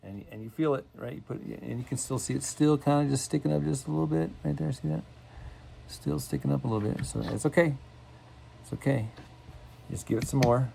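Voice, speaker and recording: A man's voice: medium pitch, fast talker, vocal fry, heavy background noise. A man with a folksy, rambling manner who often repeats himself, giving a casual step-by-step demonstration at his workbench in a home workshop. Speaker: cigar box guitar builder.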